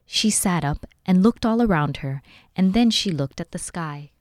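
A woman from a library volunteer group reading a children's book aloud, with clear and expressive narration. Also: lowish voice, normal speed, no echo, studio quality. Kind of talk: storybook read-aloud.

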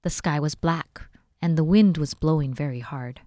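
A woman from a library volunteer group reading a children's book aloud, with clear and expressive narration. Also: sits low, moderate pace, no room sound, studio quality. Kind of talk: storybook read-aloud.

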